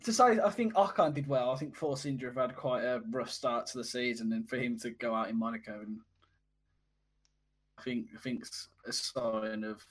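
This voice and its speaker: Male podcast co-host, husky, rambling casual talk. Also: medium pitch, moderate pace. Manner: rambling, repeats himself, gets loud when joking. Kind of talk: casual chat.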